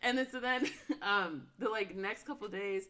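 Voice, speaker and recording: A young woman telling a story in casual chat, animated and laughing, with lots of "like" fillers. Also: mid-range voice, normal speed, a little hiss or hum.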